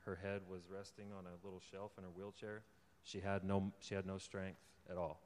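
A young man with a fairly low voice preaches to a crowd in a large hall, and long reverb trails after his words. He tells his story in a relaxed, chatty way and laughs often. Then he pushes into earnest, fervent exhortation. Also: fairly quick. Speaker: lay preacher giving a testimony. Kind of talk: informal sermon testimony.

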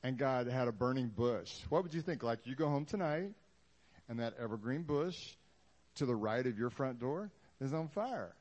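A man preaching to a congregation in a loose, conversational way. His pitch sits in a middle range. He jokes as he goes and acts out the Bible scenes in little put-on voices. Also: animated, moderate pace, darkish tone. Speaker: pastor. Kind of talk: sermon.

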